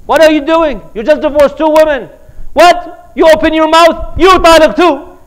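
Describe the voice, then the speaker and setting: A man acting out a hot-tempered middle-aged husband who yells indignant outbursts, raising his voice well above his own. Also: extremely high pitch, a little fast, pitched above the performer's own voice, rough recording. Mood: furious.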